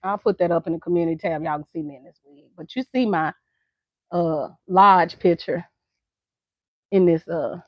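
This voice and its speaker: This middle-aged vlogger from the United States has a Southern accent and a lowish voice, talking at a moderate pace and pausing often. She chats casually to camera with frequent laughter, and the dry recording sounds dull and lo-fi.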